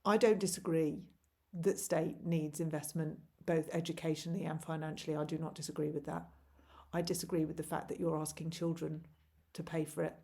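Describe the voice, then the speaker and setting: A woman's voice: low-pitched, level tone, a little fast, creaky, dark tone. A woman in her forties, a parent vlogger, delivers an impassioned, pleading monologue to camera full of rhetorical questions.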